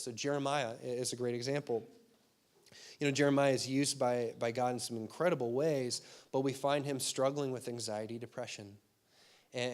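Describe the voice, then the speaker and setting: Joking, rambling young preacher man. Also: mid-range voice. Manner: self-deprecating, humorous, frequent fillers and restarts. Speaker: pastor. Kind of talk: casual conversational sermon. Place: church sanctuary before a congregation.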